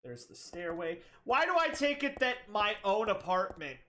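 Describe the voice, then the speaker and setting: Bright-voiced, joking woman game streamer. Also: mid-range voice, big pitch swings, normal speed, slight background noise. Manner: chatty, joking, laughs often. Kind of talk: let's play commentary.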